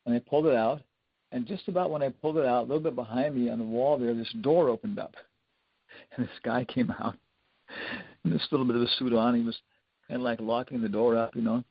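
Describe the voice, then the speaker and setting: A man's voice: medium pitch, quick pace, gravelly, slightly rough, dry recording. A man teaching a scripture class, telling loose, rambling stories full of fillers and little chuckles. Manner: rambling storyteller, many fillers, chuckles often. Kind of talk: lecture on scripture with anecdotes. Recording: dull lo-fi dry lecture recording.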